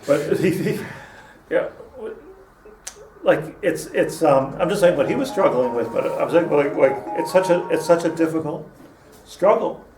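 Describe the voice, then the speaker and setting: A man's voice: on the high side, vocal fry, a little mellow. A man teaching a casual Torah class, rambling with many restarts and mixing in Hebrew terms. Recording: echoey room, mic at a distance, faint hum.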